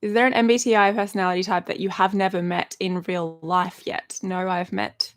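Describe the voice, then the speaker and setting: A woman's voice: medium pitch, flat delivery, brisk. A woman, chatting casually on a live stream and answering viewer questions, rambling and laughing often. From Australia. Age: 30s. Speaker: YouTuber hosting a live stream. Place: at home in her bedroom.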